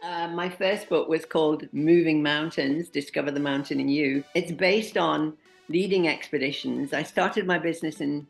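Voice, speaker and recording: A woman in her sixties telling animated anecdotes as an interview guest, often laughing at herself. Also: sits low, moderate pace, vocal fry, soft background music. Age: 60s. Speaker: interview guest, speaker and expedition leader. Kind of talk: casual interview storytelling.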